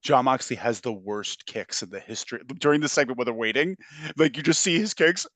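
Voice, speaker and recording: A man in a middle pitch co-hosting a podcast, reading listener comments aloud and tossing in jokes. He laughs easily and keeps a loose, casual manner. His voice is close and dry, with no room echo. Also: lively intonation, fairly quick, a bit bright. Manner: laughs often, jokey, reads comments aloud. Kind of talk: casual chat.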